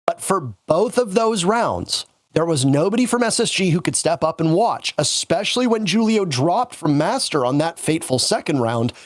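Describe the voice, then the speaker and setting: A man doing live esports commentary, measured and analytical as he breaks down the play. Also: a little high, very animated, no room sound. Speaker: esports caster.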